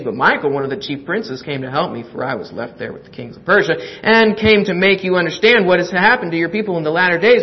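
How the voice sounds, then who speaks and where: A man preaching a sermon, reading scripture aloud with earnest drama and a touch of humor. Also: on the high side. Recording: muffled lo-fi recording.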